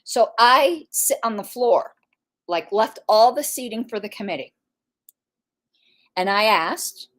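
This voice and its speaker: Animated woman telling an indignant story. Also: on the high side, moderate pace. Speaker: political commentator, party secretary. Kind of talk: casual commentary monologue.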